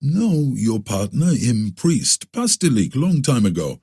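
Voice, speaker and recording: A man's voice: mid-range voice, very animated, slow, a little mellow, breathy edge, pitched above the performer's own voice, exaggerated voice. A man voicing a taciturn, mysterious stranger from the far north who speaks in clipped, broken English. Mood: terse.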